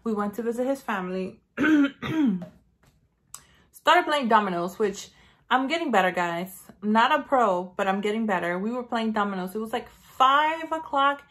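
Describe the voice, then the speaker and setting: A woman's voice: on the high side, moderate pace. Chatty rambling woman beauty vlogger. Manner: chatty, rambling storytelling with lots of "like"; animated, acts out her own lines. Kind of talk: casual chat.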